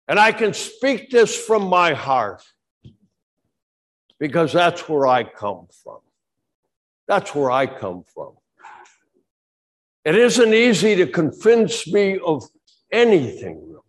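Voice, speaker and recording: A middle-aged male pastor preaching a sermon with fervor, dropping low and then shouting. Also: huge pitch swings, takes it slowly, long pauses. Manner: fervent preaching that swings from quiet to shouting.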